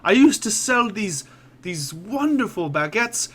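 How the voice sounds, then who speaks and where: A man's voice: sits high, big pitch swings, measured pace, bright, forceful tone, breathy edge, voice pushed up, exaggerated voice. A man voicing a pensive, nervous male baker at a market stall, who stammers and hesitates. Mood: wistful.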